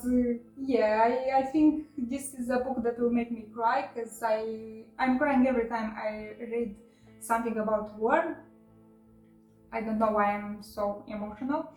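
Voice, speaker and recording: A woman's voice: fairly high pitch, fairly even intonation, a little slow, reverberant, faint music behind, rough recording. A woman with chatting casually in a book haul video, emotional and laughing often with many fillers. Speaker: book vlogger.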